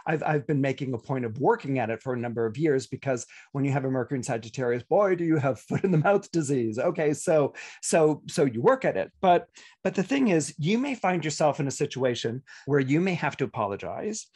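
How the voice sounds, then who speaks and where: Husky chatty man on a podcast. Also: on the high side, lively intonation, fairly quick, darkish tone. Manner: chatty, many restarts and acted-out quotes. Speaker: astrologer. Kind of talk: casual podcast talk.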